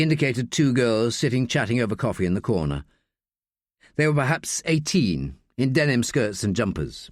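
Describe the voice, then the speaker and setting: A male audiobook narrator whose pitch swings widely as he reads, giving an animated, expressive telling. His voice sits mid-range, recorded close and bone-dry. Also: normal speed, no room sound.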